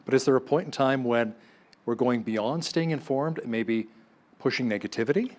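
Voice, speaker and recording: A man's voice: medium pitch, normal speed. A man anchoring a TV news segment in a studio, introducing his guest and asking conversational questions. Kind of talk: TV news interview.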